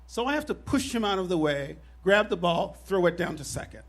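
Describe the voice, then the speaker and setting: A man in his fifties telling a personal story on stage at a live show, animated and wry with self-deprecating humor. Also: high-pitched, a little fast.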